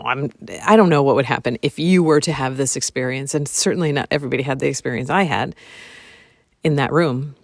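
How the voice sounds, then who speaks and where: A woman's voice: sits low, no room sound, clean studio sound. A woman hosting her own solo podcast, musing aloud and repeating phrases, sometimes dropping into a whisper. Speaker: podcast host. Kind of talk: reflective solo podcast monologue.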